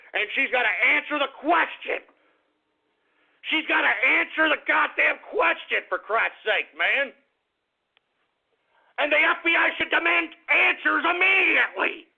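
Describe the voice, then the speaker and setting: A man's voice: extremely high pitch, vocal fry. Ranting talk radio man, tinny sound. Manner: angry, shouting, swearing. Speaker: radio show host. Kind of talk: heated political talk radio rant. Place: home office. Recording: tinny phone-like internet radio audio.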